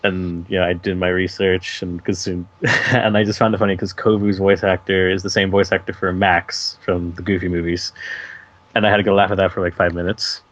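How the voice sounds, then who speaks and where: Low-voiced young man, rambling and hesitant. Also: flat delivery, fairly quick, lo-fi sound. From California. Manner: rambling, hesitant, many fillers. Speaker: guest voice actor. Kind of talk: casual interview chat.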